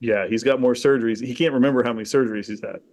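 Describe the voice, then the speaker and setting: Male podcast co-host, mid-pitch, animated profane storyteller for a casual chat. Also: rapid-fire, no echo. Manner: animated storyteller, swears freely, laughs while telling.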